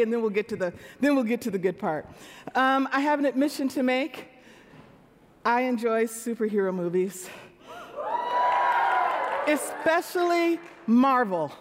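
A woman's voice: on the high side, slight background noise. A woman in her sixties preaching a sermon in a church, talking with the congregation in a conversational way. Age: 60s. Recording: long reverb of a large hall.

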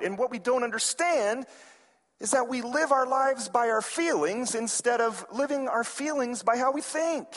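High-voiced preacher in a reverberant hall. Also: male voice. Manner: animated, acts out quoted characters with raised voice. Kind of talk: sermon with storytelling. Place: large hall or sanctuary.

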